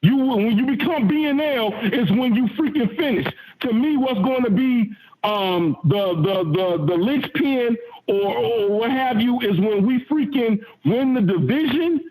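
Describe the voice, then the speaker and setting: A man's voice: extremely high pitch, lively intonation, unhurried, a little mellow, poor audio. A man calling into a fan show over the phone, speaking emotionally in a rambling, repetitive way. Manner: emotional, rambling, repeats himself. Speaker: caller. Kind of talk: fan call-in rant. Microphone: phone call.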